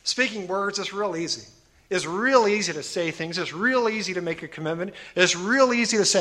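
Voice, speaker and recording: A man with a notably high-pitched voice delivers a sermon in an earnest, emphatic way. He presses his listeners with rhetorical questions and slows down to read scripture with deliberate weight. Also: pushed and bright. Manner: reads scripture slowly and deliberately. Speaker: preacher.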